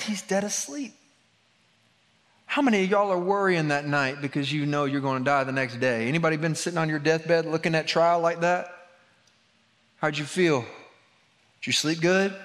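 Pastor preaching in a reverberant hall. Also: male voice, fairly high pitch. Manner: conversational preaching, swings between loud and hushed. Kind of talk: sermon. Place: church hall. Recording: long church reverb.

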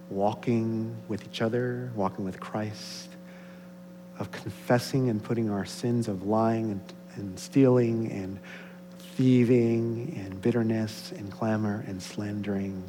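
A man preaching a sermon to a congregation, swinging from excited, loud passages to soft, slow, hushed ones. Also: on the low side. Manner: rises to excited loud peaks, then drops soft and slow. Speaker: pastor. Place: church sanctuary. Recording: long hall reverb, faint hum.

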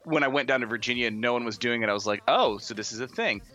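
A man's voice: mid-range voice, fast talker, bright, forceful tone, dull audio. A man from Western Pennsylvania with a local accent, co-hosting a casual chat and explaining regional speech habits. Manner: storytelling, explaining, chuckling. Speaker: podcast co-host.

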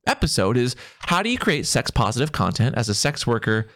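A man's voice: medium pitch, sing-song, brisk, a bit bright. A man co-hosting a podcast in casual chat, with a playful, upbeat, jokey way of talking. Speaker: podcast co-host.

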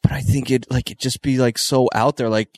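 A man in his thirties co-hosting a podcast, laid-back and halting, with many restarts as he feels his way through a thought. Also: medium pitch, fairly even intonation, a little mellow, no room sound. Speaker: podcast co-host. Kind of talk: casual podcast banter.

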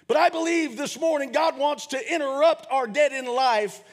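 A man preaching a sermon, leading the congregation in call and response and rising to shouts as he tells a story. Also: very high-pitched, moderate pace. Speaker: pastor.

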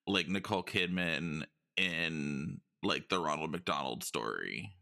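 A man's voice: very deep voice, lively intonation, slow, vocal fry, bright, forceful tone. A man in casual comedic chat, rambling and joking with lots of "like" and filler.

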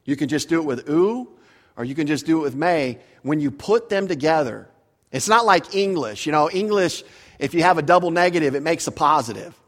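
A man's voice: on the high side, fairly quick. Earnest male pastor in a echoing hall. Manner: earnest and emphatic, animated when explaining. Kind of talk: verse-by-verse sermon teaching. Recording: long reverb of a hall.

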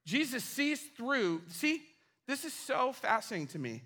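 Male pastor, high bright voice, casual and funny while preaching. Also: measured pace. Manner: animated, casual, humorous storytelling. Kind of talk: sermon. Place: church.

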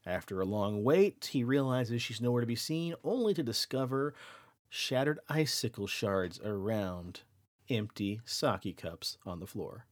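A man hosting a podcast who tells spooky folklore with a lively, swinging voice. He keeps it playful and teases his co-host, in an average register. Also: medium pitch, measured pace. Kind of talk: casual folklore storytelling.

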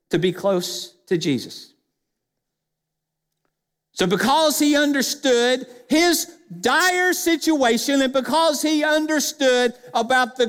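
A male pastor with an extremely high-pitched, slightly bright voice preaches a sermon in a church sanctuary. He speaks with emphasis and puts rhetorical questions to the congregation, and the church hall adds a long reverb.

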